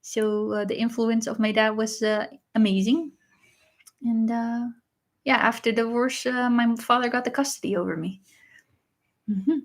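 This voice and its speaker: A woman, hosting a casual livestream and answering viewers in a chatty way, often pausing with uh and um. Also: on the high side, fairly even intonation. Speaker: livestream host reading viewer messages.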